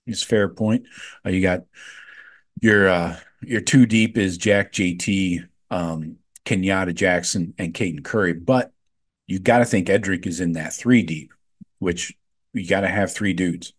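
A man's voice: deep voice, a little slow, husky. A man hosting a sports podcast, chatting casually with lots of fillers and frank opinions. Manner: offhand, filler-heavy, gives frank opinions.

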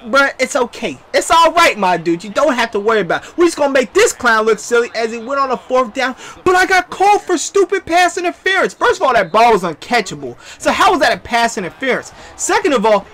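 Animated, bright-voiced young man commentating. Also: very high-pitched. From US West Coast. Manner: animated trash talk, slangy, shouting at opponents. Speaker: gaming commentator. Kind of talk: casual gameplay commentary.

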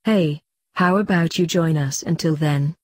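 A woman reading the lines of a kind, weary young witch girl, gentle and a bit glum. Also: deep voice, unhurried, dry recording.

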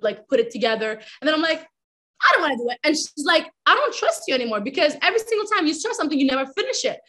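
Bright, high-voiced, animated young woman. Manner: animated, chatty, acts out quoted lines. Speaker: motivational speaker. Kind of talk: motivational talk.

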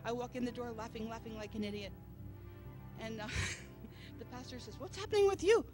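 A woman's voice: a little high, little pitch movement, normal speed, music in the background. A woman preacher telling a personal testimony in a church service, storytelling and acting out the voices of people she quotes. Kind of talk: testimony sermon.

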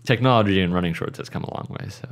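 A man's voice: sits low, racing. A young man co-hosting a podcast, laid-back in casual chat, often with short replies. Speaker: podcast co-host.

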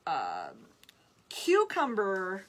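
A woman's voice: medium pitch, huge pitch swings, extremely slow. A woman hosting a live craft demo, chatting in an upbeat way and reading out viewer comments. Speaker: craft video host.

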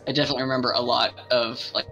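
A man's voice: mid-range voice, level tone, very fast, dull audio, music in the background. A man chatting casually on a call, rambling through his thoughts and laughing often. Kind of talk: casual chat.

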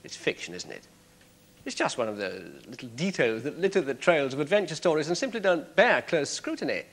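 An actor playing a sharp, sardonic prosecutor cross-examining a witness in a courtroom drama. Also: male voice, a little high, very animated, fairly quick. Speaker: prosecuting barrister.

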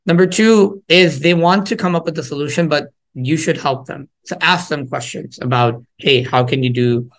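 A man's voice: a little high, normal speed, few pauses, fairly bright tone. Conversational man coaching parents. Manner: conversational, acts out parent and child quotes. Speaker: parenting workshop speaker. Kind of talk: casual talk to parents.

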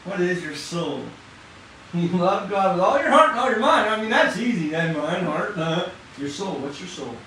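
Man, high voice, excited casual preaching, heard from far off in a very echoey church hall. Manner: excited, fast, conversational with slang. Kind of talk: informal sermon. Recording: echoey room from far off, faint noise.

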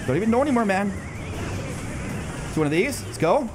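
Excitable high-voiced man narrating gameplay. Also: a little fast, over music. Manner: excitable, bursts into high disbelieving shouts. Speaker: gaming channel host. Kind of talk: live gameplay commentary.

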